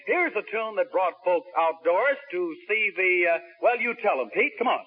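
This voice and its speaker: Jovial high-voiced 1940s quiz host. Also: male voice, lively intonation, normal speed. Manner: chatty, jovial banter with contestants. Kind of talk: 1940s radio quiz hosting. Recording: dull lo-fi 1940s radio broadcast.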